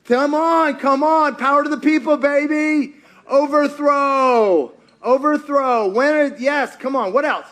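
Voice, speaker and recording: Male pastor, middle-aged, high voice, animated storytelling sermon that acts out the characters and questions the crowd. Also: moderate pace, hardly any pauses. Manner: animated storyteller, acts out quotes, asks the audience.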